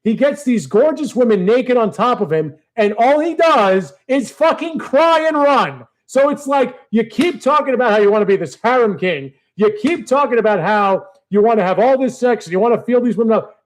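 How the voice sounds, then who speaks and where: A man ranting casually to his audience, profane and exasperated, swinging between low mutters and heated outbursts. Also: expressive, normal speed, few pauses. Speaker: video creator. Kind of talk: casual rant to camera.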